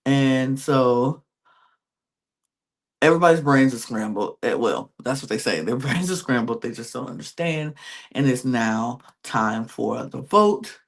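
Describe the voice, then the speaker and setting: A man with a gravelly, fry-tinged voice chats through a reality-show recap at an unhurried pace. He keeps slipping into quick impressions of the contestants' reactions as he tells the story. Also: mid-range voice, expressive. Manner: retells scenes by acting out contestants' quoted reactions. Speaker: podcast host.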